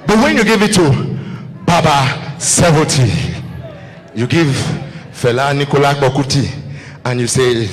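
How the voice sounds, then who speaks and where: A man with a Nigerian accent doing animated stand-up comedy, shouting and singing as he acts out people. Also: medium pitch, measured pace, long reverb tail. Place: large live comedy venue. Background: loud crowd and music.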